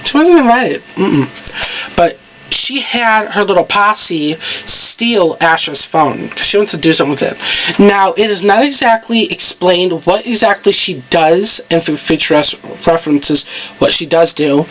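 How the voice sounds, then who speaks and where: A woman casually recapping a TV episode, chatty and full of "so" and "like" fillers, with quick asides. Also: fairly low pitch. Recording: dull lo-fi home recording with faint background noise.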